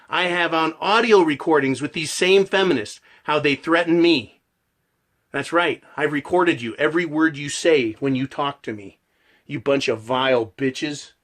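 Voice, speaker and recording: A man's voice: a little high, a bit bright. A man delivering a passionate, profane ranting monologue as a channel host.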